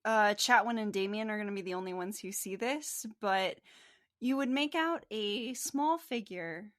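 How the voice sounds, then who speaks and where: A woman's voice: medium pitch, a bit bright. Woman game master, descriptive tabletop narration. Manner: descriptive, unhurried recap and scene-setting.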